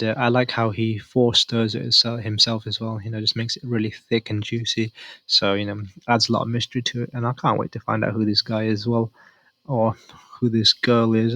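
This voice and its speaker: A man's voice: medium pitch, pushed and bright, dry recording. A man casually reviewing a manga chapter, rambling and thinking aloud as he reads.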